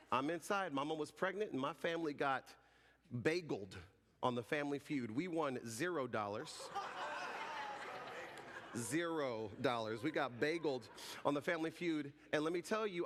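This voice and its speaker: A man in his forties, a pastor giving a sermon as an animated, joking storyteller. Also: a little high. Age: 40s. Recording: reverberant hall.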